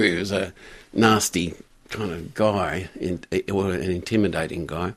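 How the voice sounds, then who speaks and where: An older man telling a story in a radio interview, halting with frequent restarts and fillers. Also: low-pitched, breathy edge. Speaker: guest, community pastor.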